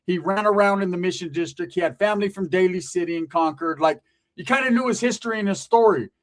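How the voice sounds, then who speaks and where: A man's voice: high voice, quick pace. A man hosting a casual commentary monologue, talking in a loose conversational way, often asking "right?" and correcting himself. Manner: conversational, frequent "right?" asides, profanity, self-corrections. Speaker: commentary channel host.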